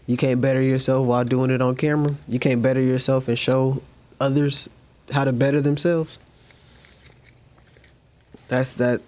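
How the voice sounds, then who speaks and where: A man hosting a reaction commentary video, talking earnestly and sometimes softly to his dog. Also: medium pitch, slight background noise. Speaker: commentary channel host.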